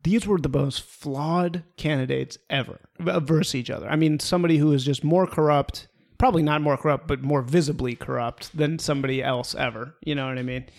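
A man chatting in casual podcast banter, animated and laughing often, with rambling asides. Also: fairly high pitch, fairly quick, vocal fry.

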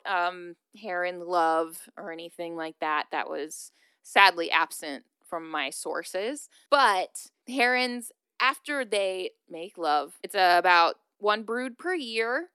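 Bright-voiced giggly woman podcast host. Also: mid-range voice, clean tone, no echo. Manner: chatty, giggly, loose with fillers. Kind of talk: casual chat.

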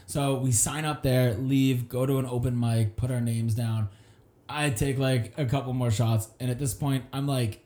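A man's voice: medium pitch, moderate pace, reverberant. A young man, a comedian, telling a story in casual chat and acting out the voices in it. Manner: animated, acts out voices in his stories. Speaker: comedian guest.

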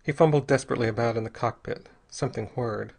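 A man narrating an audiobook chapter in a steady, even reading voice. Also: medium pitch, fast talker, vocal fry. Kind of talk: scripted narration.

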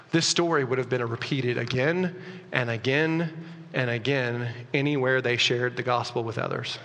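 A man preaching a sermon as a pastor, conversational and animated, often restarting his sentences. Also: medium pitch, long reverb tail. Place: church.

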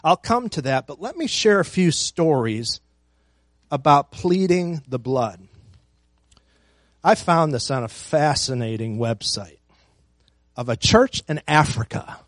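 A man's voice: fairly high pitch, animated, slow pace, pauses often, no echo. A man preaching a sermon as pastor, emphatic, repeating phrases and building force.

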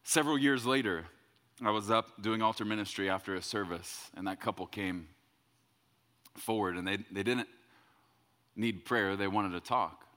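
Bright-voiced man preaching in a hall. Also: on the low side, normal speed, pauses often. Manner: conversational, repeats words when quoting himself. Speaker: pastor. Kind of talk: sermon storytelling.

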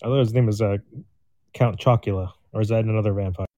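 Fast-talking joking man. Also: on the low side, fairly even intonation, dark tone, dry recording, muffled recording. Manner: quick, chiming in with jokes. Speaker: podcast co-host. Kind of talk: casual comedic chat.

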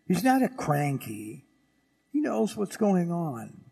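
A husky, gravelly-voiced male priest preaches slowly with a lively, swinging pitch. He dramatizes the story by acting out its speakers. His voice rings with the long reverb of a large church. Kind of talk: sermon. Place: church at Sunday Mass.

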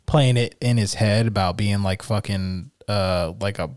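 A man's voice: lowish voice, unhurried, a little mellow, clear, resonant tone, no room sound, clean studio sound. A man co-hosting a casual podcast, laid-back and blunt, swearing freely. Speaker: podcast co-host. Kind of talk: casual chat.

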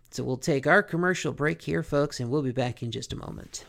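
A podcast host recapping a cartoon episode in a joking, animated way. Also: mid-range voice, fairly quick, creaky. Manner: animated, joking, self-questioning.

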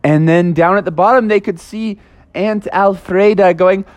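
A man's voice: sits high, normal speed, darkish tone, no room sound. A man improvising a playful, dramatic story for children.

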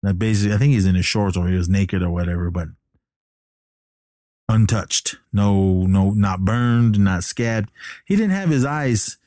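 Low-voiced man rambling through a movie plot. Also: animated, measured pace, dark tone, no echo, studio quality. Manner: rambling, filler-heavy storytelling. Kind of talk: casual movie recap.

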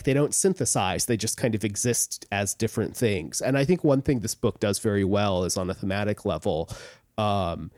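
Podcast co-host, male, lowish voice, rambling casual book talk, dry close mic. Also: darkish tone, no room sound. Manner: rambling, many "like"s and restarts.

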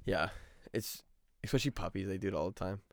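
A man's voice: low voice, fast talker, gravelly, no echo, studio quality. A young man co-hosting a podcast, chatting casually with lots of swearing and easy banter. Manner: profane, laid-back banter. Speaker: podcast co-host. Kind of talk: casual chat.

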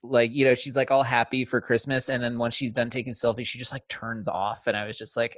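Podcast co-host, male, chatty and profane, close dry mic, mid pitch. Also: level tone, a little fast, few pauses, fairly bright tone, dry recording. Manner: chatty, swears, laughs easily. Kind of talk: casual film discussion.

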